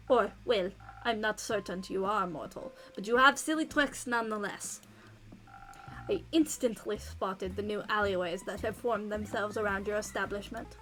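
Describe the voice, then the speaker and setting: A woman's voice: mid-range voice, a bit bright, close to an everyday voice. A woman voicing a polite, haughty male vampire with a put-on French accent and grand, formal diction.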